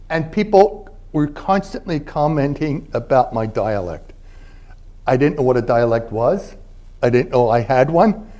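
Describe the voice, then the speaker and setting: A man's voice: on the high side, darkish tone. A man in his eighties, from Philadelphia, giving a university lecture as a guest linguist in a conversational storytelling way, often checking in with the audience with "all right?". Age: 80s. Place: university library event space.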